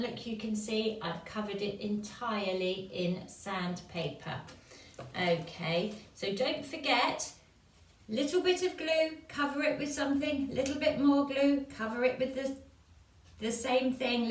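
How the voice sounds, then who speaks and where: An English woman with a gentle, encouraging manner, showing children a craft step by step for a church activity. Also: a little high, recorded from a distance. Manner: slow, gentle, encouraging, checks in with "okay?". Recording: echoey room, voice off-mic.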